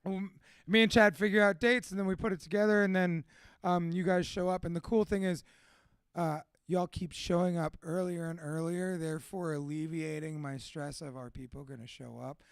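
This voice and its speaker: A man's voice: high-pitched, fairly even intonation, normal speed, smooth, no echo. A young man hosting a live community event at a tattoo shop, giving casual, rambling, profane closing remarks and laughing often. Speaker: event host and MC.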